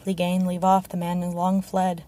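A woman's voice: lowish voice, monotone, normal speed, mellow, close to an everyday voice. A woman voicing a shrewd, wary man who advises the king, speaking tersely and urgently in an audiobook reading.

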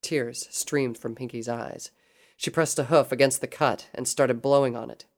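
A narrator reading a fan fiction story aloud in steady, even storytelling. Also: medium pitch, normal speed.

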